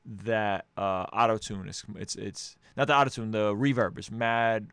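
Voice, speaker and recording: A man's voice: fairly low pitch, steady tone, a little slow, fairly bright tone. A man hosting a casual music review, upbeat and joking as he gives feedback on songs.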